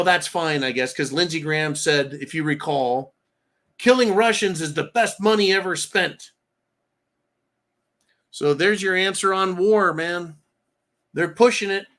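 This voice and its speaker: An American man hosting a live stream, ranting loudly with crude insults between reading out donations. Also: fairly high pitch, measured pace. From United States.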